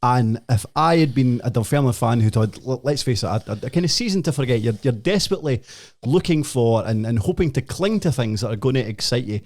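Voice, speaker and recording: A man's voice: medium pitch, lively intonation, a little fast, darkish tone. A man co-hosting a football podcast, talking with many stammered restarts. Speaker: podcast co-host. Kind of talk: casual chat.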